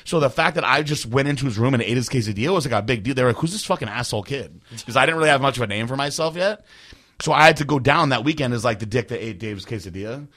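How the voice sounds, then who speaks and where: Fast-talking bright-voiced storyteller man. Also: mid-range voice. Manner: rambling, profane, self-deprecating. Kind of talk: casual storytelling.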